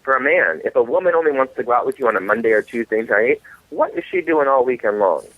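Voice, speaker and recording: A man, an author and guest, telling comic dating stories in an animated way. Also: medium pitch, fast, no room sound. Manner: animated, comic storyteller acting out quotes. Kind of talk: storytelling interview. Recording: tinny phone line.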